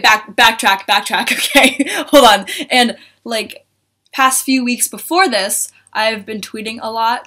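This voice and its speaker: A young woman telling a story to camera in an excited vlog, gushing, swearing and acting out quotes in a higher voice. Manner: gushing, swears a lot, acts out quotes in a high voice. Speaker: vlogger.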